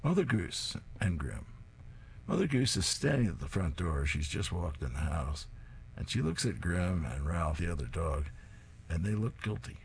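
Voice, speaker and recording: A man reads comic strips aloud and describes each panel plainly. His voice sits very low, with a faint hum behind it. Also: very animated, normal speed, creaky. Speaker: reader.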